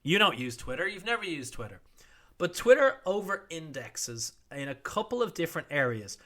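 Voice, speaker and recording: A man's voice: a little high, sing-song, normal speed, sharp tone. A middle-aged man hosting a podcast news roundup, wry and irreverent, swearing freely and acting out quotes. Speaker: podcast host. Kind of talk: casual news roundup monologue.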